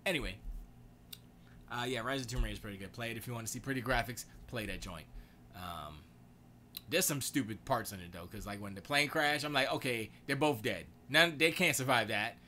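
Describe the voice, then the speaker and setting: A man hosting a live stream from his home studio, rambling in a loose, excitable, slangy way about games and movies. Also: fairly low pitch, a little fast, a little hiss or hum. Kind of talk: casual gaming and movie chat.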